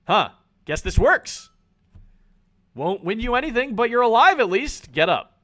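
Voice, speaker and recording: A man's voice: very high voice, normal speed. A man streaming a video game, reading its text aloud in put-on voices and reacting with laughs and swearing. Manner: animated, swears and laughs often.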